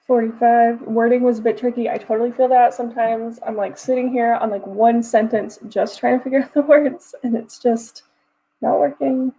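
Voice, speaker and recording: Young woman, streamer host; high-ish mellow voice, giggly and chatty, loose filler-heavy delivery, home desk mic. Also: fairly even intonation, moderate pace, breathy edge, low-quality recording. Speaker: writing livestream host. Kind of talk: casual livestream chat reading comments.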